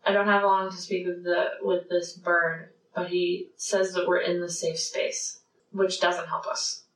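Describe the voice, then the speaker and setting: A woman's voice: fairly low pitch, flat delivery, unhurried, fairly bright tone. A woman playing a tabletop game, talking casually and hesitantly with restarts. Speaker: player. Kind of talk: tabletop role-play chat. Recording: roomy, distant, noisy room.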